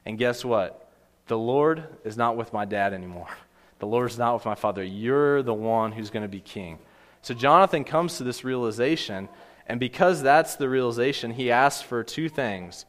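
A man's voice: medium pitch, normal speed, long reverb tail. A man preaching a sermon in an earnest, conversational way, often restarting his sentences. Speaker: pastor.

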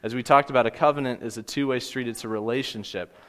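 A man's voice: medium pitch, fairly even intonation, fast talker, a bit bright, big-room sound. A man preaching a sermon in an earnest, conversational way, often restarting his sentences. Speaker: pastor.

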